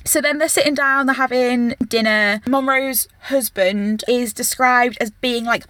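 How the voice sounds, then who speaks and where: A woman's voice: fairly high pitch, measured pace, no room sound. Woman podcast cohost, chatty, acts out the quotes, dry close sound. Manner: animated, retells scenes in quoted voices. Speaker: podcast co-host. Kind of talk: casual book chat.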